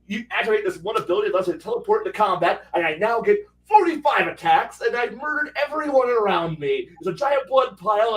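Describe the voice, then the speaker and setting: A man voicing a boastful, battle-hungry warrior character in a grandiose, loud boasting manner. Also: high-pitched, recorded from a distance, a little hiss or hum, pitched above the performer's own voice, low-quality recording.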